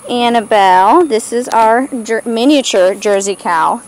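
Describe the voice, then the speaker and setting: A woman's voice: fairly high pitch, measured pace, few pauses, slight background noise, poor audio. Woman, farm vlogger, chatty and breathless, baby talk to animals, outdoor handheld camera. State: out of breath from walking in the heat. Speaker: homesteader showing her farm animals. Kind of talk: casual farm tour vlog.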